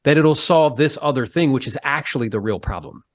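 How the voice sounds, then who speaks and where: A man hosting a podcast, talking in a casual interview style, animated and emphatic as he pushes his pitch up to stress points. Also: fairly quick, dry recording, studio quality. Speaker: podcast host.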